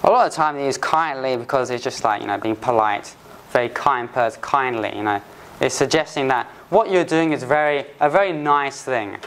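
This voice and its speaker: A man teaching English phrases to learners, patiently repeating examples slowly and restarting often. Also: medium pitch, fairly bright tone. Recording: faint background noise.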